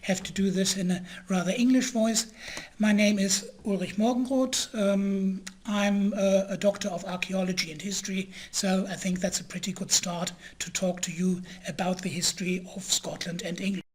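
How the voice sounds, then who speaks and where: A male lecturer whose first language is German presents an online history talk. He speaks haltingly, with frequent pauses and filler sounds, and now and then clears his throat. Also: high voice, steady tone.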